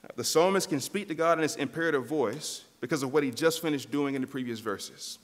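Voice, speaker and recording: A man's voice: mid-range voice, a little fast. Preaching man in a reverberant church. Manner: earnest preaching, addresses listeners as church. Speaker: pastor. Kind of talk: sermon. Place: church sanctuary.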